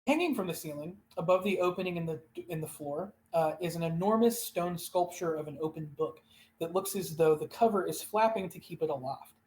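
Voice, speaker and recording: A game master narrating a live-streamed tabletop game, reading room descriptions unhurriedly and pausing often. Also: mid-range voice, a little mellow, a little hiss or hum, poor audio.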